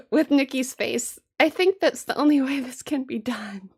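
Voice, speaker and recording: Giggly woman streamer joking around, higher voice, unhurried talk. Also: slightly rough. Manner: playful, giggly, self-mocking. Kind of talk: casual livestream chat.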